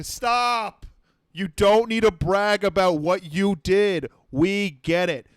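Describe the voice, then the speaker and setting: A young man on his comedy podcast goes off in a sarcastic, profanity-laced rant, mocking people with quick impressions. His voice sits a little high for a man. The sound is dry and close to the mic, with no room around it. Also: smooth, no room sound.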